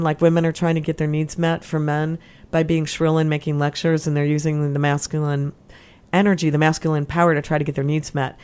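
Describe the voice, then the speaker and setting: A woman counselor talking as a guest in an interview, energetic and chatty, with many asides and restarts. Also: sits low, clear, resonant tone. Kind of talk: casual interview chat.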